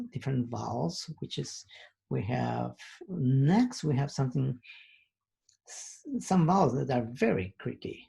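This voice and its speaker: A man's voice: medium pitch, creaky, dark tone, slightly rough. A man teaching a recorded language lesson, patiently explaining sounds and repeating each example word twice. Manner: patient, explains slowly with many pauses and fillers.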